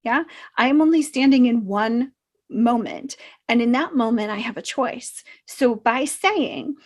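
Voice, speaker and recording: A woman with a slightly high voice talks very slowly as a self-help coach. She is reflective and gently encouraging, and she often pauses to think in an unscripted talk to camera. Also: lively intonation.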